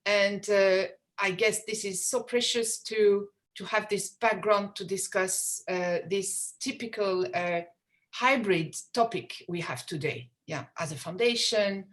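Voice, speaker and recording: A woman moderating a panel session over a video call, talking with hesitant pauses and restarts. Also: fairly low pitch. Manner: hesitant, many fillers and restarts.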